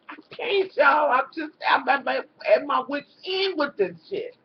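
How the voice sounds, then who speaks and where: A woman's voice: high voice, measured pace. A woman recapping a reality show in a profane, casual rant, talking straight to her viewers and swearing constantly. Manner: animated, exasperated, swears constantly, talks to viewers as y'all. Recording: dull lo-fi home recording.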